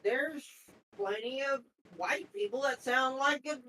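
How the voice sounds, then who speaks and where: A woman co-hosting a podcast, blunt and quick to swear in casual chat. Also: sits high, pushed and bright, slight background noise, poor audio.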